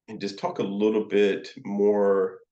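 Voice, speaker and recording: Slow, halting man in an echoey room. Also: fairly low pitch, monotone, warm tone. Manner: slow, halting, many fillers and restarts. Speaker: counseling supervisor. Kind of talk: teaching lecture with demonstrations. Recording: roomy, dull lo-fi sound.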